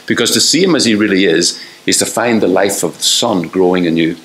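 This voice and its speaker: A man's voice: deep voice, a little fast, a bit bright, roomy sound, poor audio. An older man preaching a fervent sermon, asking the listeners one rhetorical question after another and acting out the voices he quotes.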